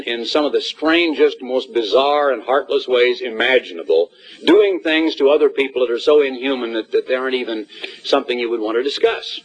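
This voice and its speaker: Husky guy talking to students in an auditorium, folksy, acts stuff out, muffled old tape. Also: medium pitch, fairly quick. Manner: folksy, acts out little scenes with voices. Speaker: college leader addressing new students. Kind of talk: assembly address.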